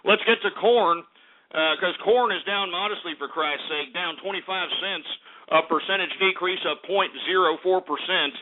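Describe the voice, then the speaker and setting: A man's voice: sits high, moderate pace. Abrasive ranting man, tinny radio sound. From Texas. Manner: crude, insulting, exasperated, mutters asides. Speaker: radio host. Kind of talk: abrasive comedic market rant. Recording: narrow phone-like radio audio.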